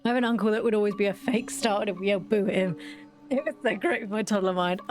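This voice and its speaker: A woman's voice: mid-range voice, fast, a little mellow, faint music behind. Woman chatting thru a game, giggly, rambly stories, pretty average voice. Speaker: gaming video host. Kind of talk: casual gameplay chat.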